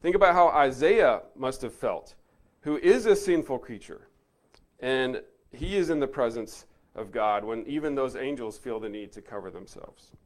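A man giving an earnest Bible teaching, stressing key words and then dropping to a soft, reflective tone. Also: mid-range voice, animated, normal speed.

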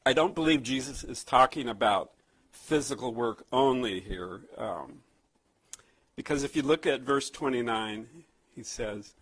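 A man preaching a sermon, telling a childhood story and reading scripture slowly, with frequent restarts and fillers. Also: mid-range voice, fairly bright tone, husky, no echo, poor audio. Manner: conversational storytelling with many restarts; slow, emphatic scripture reading. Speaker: pastor.

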